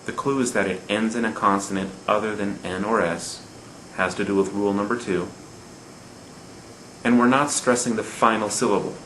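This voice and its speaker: A patient male teacher walks through grammar rules step by step, repeating them and pausing to check that his students follow. His voice sits fairly low. The recording has a roomy echo and a faint background hum. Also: steady tone, a bit bright. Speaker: Spanish teacher. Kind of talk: recorded classroom lesson.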